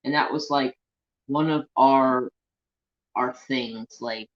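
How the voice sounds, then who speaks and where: A man from the United States hosts a crafting live stream in a loose, rambling way, telling stories and reading viewer comments aloud. His voice sits at a middling pitch, and the recording sounds dull and lo-fi. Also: steady tone, slow pace, fairly bright tone. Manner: chatty storyteller, reads viewer comments aloud. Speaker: crafting channel host. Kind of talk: casual live-stream chat.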